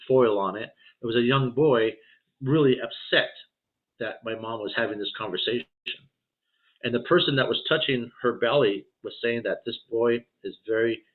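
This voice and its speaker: A man in his fifties, a spiritual healer and podcast guest, telling his life story casually in a rambling way, with lots of "you know" and restarts. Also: lowish voice. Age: 50s. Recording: tinny phone-like line.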